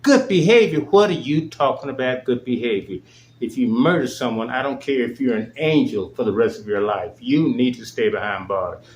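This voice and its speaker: A man's voice: medium pitch, moderate pace, a little hiss or hum. Indignant male host in an echoey room. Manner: indignant, emphatic. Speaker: show host. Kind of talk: angry monologue.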